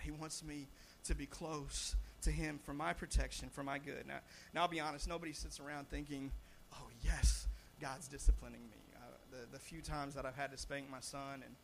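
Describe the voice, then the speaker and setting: A young man preaching a sermon as pastor, animated, with frequent restarts and repeated words, swelling loud on his points. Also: a little high, gravelly, a little hiss or hum.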